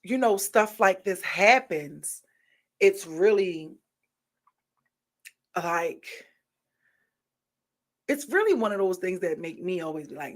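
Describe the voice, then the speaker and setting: A woman's voice: medium pitch, expressive, takes it slowly, pauses often. A woman vlogger giving her frank opinions in a casual monologue, rambling with lots of fillers and restarts.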